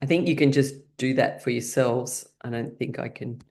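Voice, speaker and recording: Brief: middle-aged woman, deep voice, laughter yoga leader on a video call, playful, whooping highs. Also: moderate pace, vocal fry, mellow.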